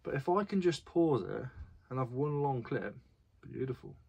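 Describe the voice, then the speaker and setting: A man's voice: medium pitch, animated, moderate pace, vocal fry, a little mellow, slightly rough. Chatty man vlogging. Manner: chatty, self-deprecating, talks to viewers directly. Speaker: reseller vlogger. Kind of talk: casual vlog chat.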